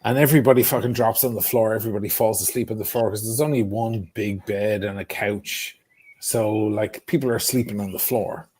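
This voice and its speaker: Profane, animated male storyteller. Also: lowish voice, a little fast, slightly rough. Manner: swears freely, animated storytelling. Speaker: guest storyteller. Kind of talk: casual chat.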